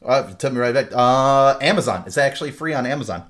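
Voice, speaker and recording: A man co-hosting a podcast, retelling a movie plot in casual, animated talk full of swearing and fillers. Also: medium pitch, fast talker. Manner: animated storyteller, heavy swearing, many fillers. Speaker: podcast co-host.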